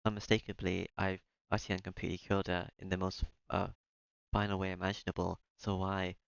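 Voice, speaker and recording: A man's voice: deep voice, flat delivery, brisk, vocal fry, clean tone, dry recording, lo-fi sound. A man reading a visual novel aloud in the first person, breaking off now and then for joking asides. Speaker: let's-play streamer.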